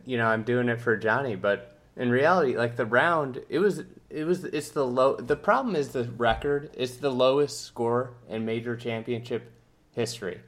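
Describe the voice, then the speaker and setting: Male co-host, mid-pitched, earnest and explanatory, casual podcast talk. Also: a bit bright. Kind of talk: casual chat.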